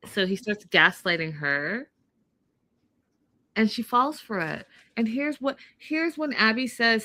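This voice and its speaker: A woman's voice: mid-range voice, takes it slowly, long pauses, sharp tone, no echo. A woman co-hosting an online recap show, talking casually and with strong opinions about a reality TV episode. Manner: opinionated, acts out quotes from the episode. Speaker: podcast co-host.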